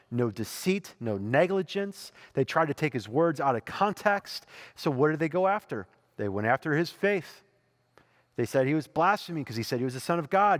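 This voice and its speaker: A man preaching as pastor, telling the story in a conversational, animated way and acting out the people in it. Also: a little high, in a large hall. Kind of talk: sermon.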